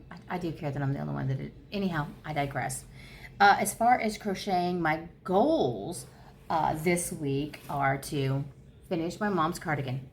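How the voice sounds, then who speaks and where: A woman in her fifties chatting casually at home for her crochet vlog, rambling and easily excited. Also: on the low side, a little hiss or hum. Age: 50s. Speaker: crochet vlogger. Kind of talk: casual chat.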